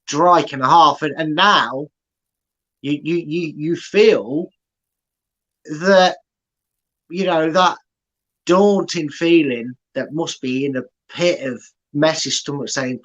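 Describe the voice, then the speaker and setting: A man's voice: on the high side, slow, long pauses, a bit bright, highs cut off. A man co-hosting a live watchalong, analysing a match in rambling talk full of restarts. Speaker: fan channel co-host.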